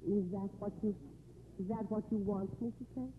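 A woman's voice: mid-range voice, steady tone, normal speed, narrow, tinny audio, lightly acted. An actress playing a gracious woman close to her divorce, in 1950s radio drama style, with a polite, reserved manner. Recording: hissy 1950s radio broadcast.

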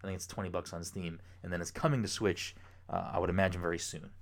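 A young man co-hosting a podcast, chatting casually, rambling with excitement and swearing freely. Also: low-pitched, quick pace. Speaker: podcast co-host. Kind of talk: casual chat.

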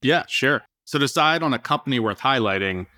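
A man's voice: medium pitch, lively intonation, brisk, pushed and bright. A man speaking as a guest on a podcast, direct and easygoing in conversation. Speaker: podcast guest, fintech investor.

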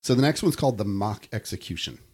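A man with a low voice reads short creepy stories aloud for a podcast, with casual chat in between. He laughs easily with his co-hosts. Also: lively intonation, fast talker, a little mellow, breathy edge. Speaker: podcast co-host reading stories. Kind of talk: casual chat and story reading.

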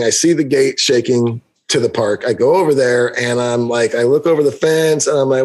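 A man's voice: mid-range voice, a little fast, darkish tone. A man co-hosting a podcast, telling a long story in casual chat and acting out the quotes with big jumps in his voice. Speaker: podcast co-host.

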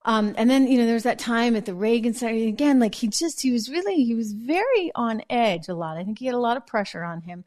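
A woman hosting a political commentary show, telling stories in a chatty, animated way. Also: fairly high pitch, quick pace, few pauses. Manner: chatty, animated storytelling with laughs. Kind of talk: casual news commentary.

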